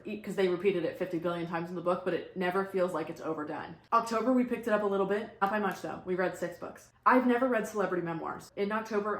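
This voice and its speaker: Blunt, upbeat young woman in an echoey room. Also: on the low side. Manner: blunt, upbeat verdicts with quick asides. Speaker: book vlogger. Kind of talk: casual book review vlog.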